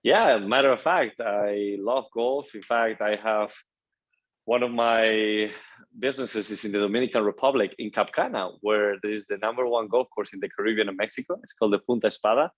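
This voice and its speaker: A man's voice: on the low side, a little fast, rough recording. A man in his twenties from Spain with a Spanish accent, speaking as a guest in a casual interview, upbeat and eager, often saying "you know". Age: 20s.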